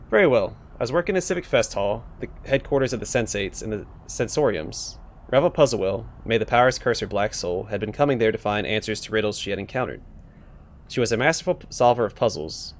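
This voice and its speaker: A man voicing a languid, bored talking skull of a pleasure-seeker, in a sultry, languorous manner. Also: lowish voice.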